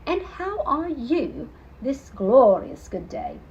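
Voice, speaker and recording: A woman's voice: high-pitched, big pitch swings, slow, a little mellow, muffled recording, exaggerated voice. A woman voicing a nervous, fussy male animal record keeper with an English accent, polite and formal, in a storybook reading.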